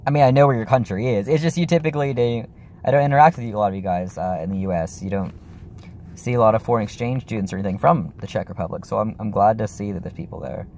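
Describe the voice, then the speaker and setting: A man's voice: fairly low pitch, fast, darkish tone, a little hiss or hum. A young man chatting casually in a vlog, rambling and apologetic, with lots of fillers and restarts. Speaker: YouTuber.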